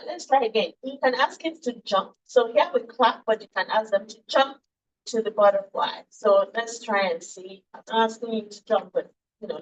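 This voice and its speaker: A woman's voice: a little high, normal speed, dull audio. Woman lecturing, patient and playful. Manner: explains patiently, quizzes the class, playful. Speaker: early childhood education instructor. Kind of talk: classroom lecture.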